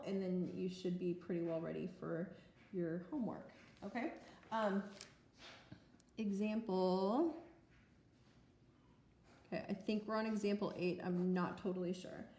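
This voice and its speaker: A woman math teacher talks through a recorded lesson in a chatty, self-mocking way. Her voice sits at a middling pitch. It carries a roomy echo. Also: warm tone, slight background noise. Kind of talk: recorded lecture.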